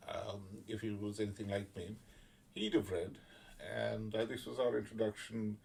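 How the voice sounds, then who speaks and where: A man giving casual spoken commentary, blunt and sardonic, swearing freely and pausing often on fillers. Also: on the low side, creaky, darkish tone. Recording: voice a little far from the mic.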